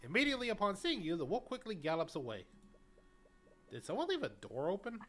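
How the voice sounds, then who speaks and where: A woman's voice: mid-range voice, sing-song, brisk, a bit bright. A woman streamer reading a video game's story aloud in a casual way. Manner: casual, reads story text then chats. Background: faint game music.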